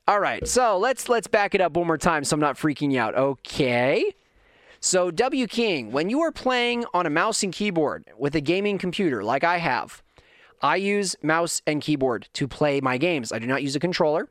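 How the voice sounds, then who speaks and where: A man in middle age rants on his own podcast, wandering off into tangents and laughing at himself. His voice sits a little high. The sound is dry and close, with no room in it. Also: fairly bright tone, no echo. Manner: rambling, self-mocking, lots of tangents. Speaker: podcast host. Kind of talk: casual solo podcast rant.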